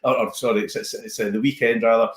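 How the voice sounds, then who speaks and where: A Scottish man, a comedian, chatting casually on a podcast as an animated storyteller who slips into voices. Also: medium pitch, quick pace, reverberant. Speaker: comedian guest.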